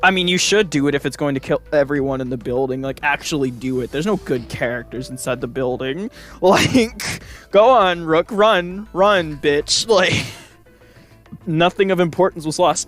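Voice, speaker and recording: A man reacts to a visual novel with crude, joking commentary, his voice sitting a little high. Game music plays clearly behind him. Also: normal speed, a bit bright. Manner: crude, joking, laughs often. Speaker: gamer playing a visual novel. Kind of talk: casual let's-play commentary.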